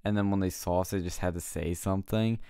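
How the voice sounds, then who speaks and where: Male co-host, lowish smooth voice, dry close sound, animated storyteller. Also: quick pace, no room sound. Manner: animated storytelling, laughing, mimicking people. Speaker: podcast co-host. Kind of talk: casual chat.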